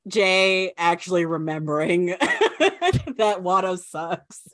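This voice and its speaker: A woman's voice: lowish voice, steady tone, slow pace, no room sound. A woman co-hosting a podcast, playful and giggly in casual chat. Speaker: podcast co-host.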